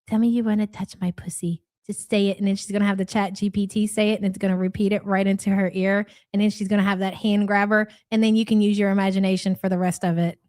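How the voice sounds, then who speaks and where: A woman co-hosting a casual livestream chat, talking in a gossipy, mocking way. She laughs often and keeps a loose, chatty rhythm. Her voice sits at an ordinary middle pitch. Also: level tone, quick pace, hardly any pauses, a little mellow. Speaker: co-host.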